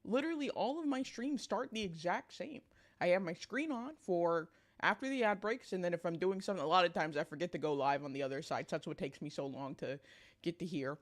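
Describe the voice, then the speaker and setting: A woman's voice: fairly low pitch, expressive, brisk. A young woman streaming, chatting casually with a sleepy morning voice, laughing often and greeting chat.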